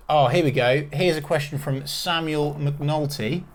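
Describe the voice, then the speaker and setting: A man's voice: fairly high pitch, measured pace. A man hosting a casual football podcast, talking in emphatic, confident opinions with frequent restarts. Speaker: podcast host.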